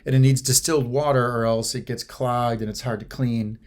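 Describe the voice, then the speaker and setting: A man's voice: mid-range voice, fairly even intonation, fairly quick. A man co-hosting a podcast, telling a travel story in casual chat and checking often that his co-host agrees. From United States.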